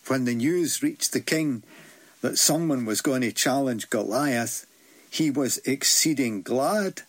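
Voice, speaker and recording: A man with a Scottish accent telling a folk tale in broad Scots dialect, with lively delivery. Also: medium pitch, a little slow. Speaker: storyteller. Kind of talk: folk storytelling.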